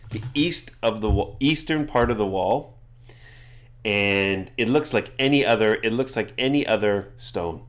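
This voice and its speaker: A man narrating as game master in a rambling way, with frequent restarts. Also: fairly low pitch. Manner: rambling, many fillers and restarts.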